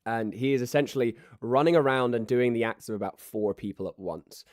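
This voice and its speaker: A man narrating a tabletop game as game master, lively and quick to slip into character voices. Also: mid-range voice, no room sound, clean studio sound. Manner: animated, yelling in character voices.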